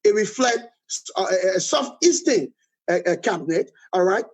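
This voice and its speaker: A man's voice: sits high, expressive, moderate pace, slightly rough, poor audio. A man with a Liberian accent, a political guest giving emphatic critical commentary and often adding "all right?".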